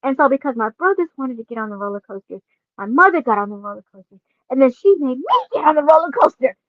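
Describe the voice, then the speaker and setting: A woman in her forties, a podcast host, casually telling a personal story with lots of laughing and animated asides. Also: sits high, quick pace, dry recording, narrow, tinny audio.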